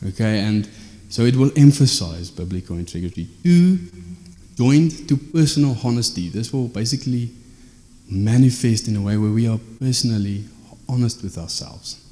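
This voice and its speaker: A man's voice: on the low side, moderate pace, mellow, in a large hall. A man, preaching an informal teaching sermon in a conversational way, often checking in with tag questions.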